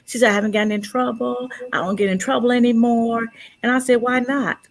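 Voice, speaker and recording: A woman's voice: on the high side, little pitch movement, brisk. A woman co-hosting a casual panel chat, telling stories and acting out the dialogue she quotes.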